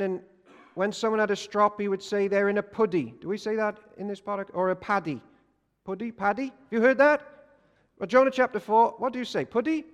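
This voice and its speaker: Pastor preaching, high voice, lively and jokey, lots of questions to the room, long echo. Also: male voice. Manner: animated, jokey, asks the congregation questions. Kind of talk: sermon. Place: church. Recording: long reverb of a church hall.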